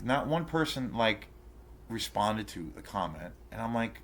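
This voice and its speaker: Low-voiced man ranting, profane and rambling. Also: expressive, a little slow, gravelly, a bit bright, a little hiss or hum. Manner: rambling, profane storytelling full of fillers and restarts; indignant, outraged. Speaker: channel host ranting to camera. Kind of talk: casual rant vlog.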